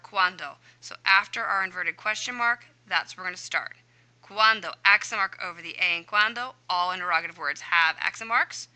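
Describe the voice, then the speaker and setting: A woman Spanish teacher explaining a homework answer key, chatty and thinking out loud as she works through each question. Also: lowish voice, low-quality recording. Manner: chatty, talks herself through each step aloud.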